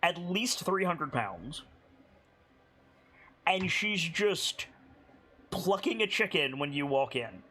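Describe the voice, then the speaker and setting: A man narrating a tabletop game as game master, chatty and halting, with frequent swearing and laughter. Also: on the high side, very animated, sharp tone.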